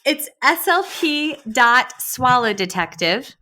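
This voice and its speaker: A woman's voice: sits high, big pitch swings, slow pace, sharp tone. A woman in her thirties hosting a podcast from her kitchen table, chatting casually and giggling often. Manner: giggly and effusive. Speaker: podcast host. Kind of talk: casual interview chat.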